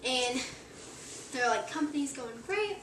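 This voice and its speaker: A woman's voice: high voice, lively intonation, unhurried. A teenage girl telling a long joke to friends in a rambling, casual way, full of "like". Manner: rambling, heavy use of "like", acts out quoted voices. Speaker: joke teller. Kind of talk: casual storytelling among friends. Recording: echoey room, far from mic, noisy.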